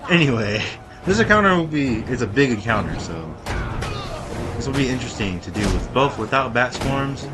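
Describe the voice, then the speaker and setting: A man giving casual let's-play commentary, rambling and talking straight to his viewers, often breaking into excited exclamations. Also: medium pitch, normal speed, background noise. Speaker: gameplay commentator.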